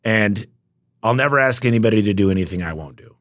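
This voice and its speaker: A man telling business stories as a podcast guest, emphatic and energetic, often acting out both sides of conversations. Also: on the low side, fast talker. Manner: energetic, emphatic, acts out quoted dialogue. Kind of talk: storytelling interview talk.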